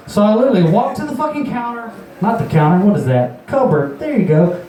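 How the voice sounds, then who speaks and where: A man's voice: expressive, fast, dark tone. Rowdy guy telling a story, far off. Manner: rambling, profane, laughing, acts out quotes in a higher voice. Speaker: storyteller at an open mic. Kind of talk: live stand-up storytelling. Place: bar or juke joint. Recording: echoey room from far off.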